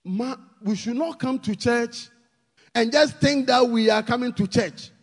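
A man with a Ghanaian accent preaching a sermon, pleading with the congregation and rising to shouted emphasis. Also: very high voice, unhurried, breathy edge, big-room sound.

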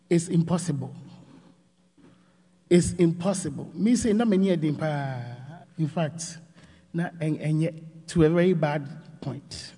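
A woman's voice: lowish voice, mellow, breathy edge, in a large hall. A Ghanaian woman, a church elder, preaching a sermon with emphatic, repeated phrases.

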